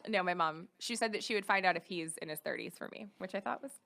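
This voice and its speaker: A woman's voice: on the low side, fast, gravelly. A woman in her thirties, a podcast guest and actress, chatting casually and acting out the people in her stories. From San Diego area. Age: 30s. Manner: animated storyteller who acts out quoted people. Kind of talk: casual chat.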